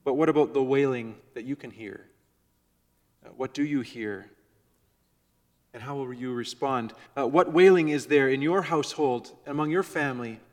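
Male pastor, mid pitch, sermon delivery; measured, soft-to-loud swings; church hall with long reverb. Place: church before a congregation.

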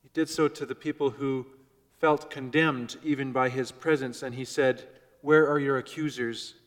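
Male pastor, mid pitch, sermon delivery; measured, soft-to-loud swings; church hall with long reverb. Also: fairly even intonation. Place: church before a congregation.

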